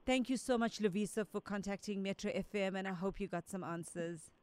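A woman's voice: mid-range voice, fairly quick, clear, resonant tone, no room sound. A woman giving psychic readings to radio callers, speaking in a direct, reassuring way and relaying messages as quotes. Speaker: resident psychic medium.

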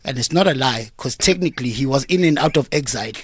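Deadpan South African man, dry studio sound. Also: medium pitch, fast, husky, no room sound. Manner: deadpan comic storytelling. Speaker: comedian guest. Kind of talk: joking radio interview chat. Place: radio studio. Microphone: studio microphone.

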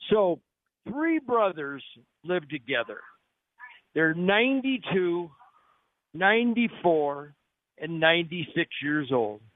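A man's voice: on the high side, very animated, takes it slowly, long pauses, no echo. A man hosting a live radio show on location, talking up a restaurant with jokey, salesman-like patter. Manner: upbeat salesman-like delivery, jokey. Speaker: radio talk show host. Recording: narrow phone-like radio audio, dry.

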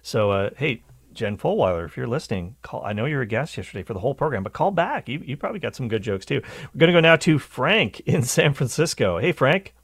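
A man's voice: mid-range voice, sing-song, fast talker, a bit bright, breathy edge, no echo. A man hosting a call-in radio show, explaining things at length and laughing easily with callers. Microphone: studio microphone.

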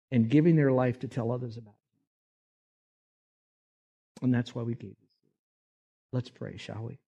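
Male pastor, emphatic sermon delivery, mid-pitched voice, slightly off-mic at times. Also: dark tone, highs cut off. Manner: emphatic preaching, voices quoted figures with rising pitch.

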